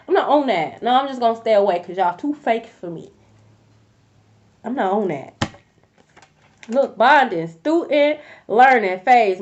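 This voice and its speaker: A woman's voice: a little high, darkish tone. A woman giving a tarot reading in a casual, blunt and profane rant. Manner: blunt, profane, fired-up talk. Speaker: tarot reader. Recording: dull lo-fi audio.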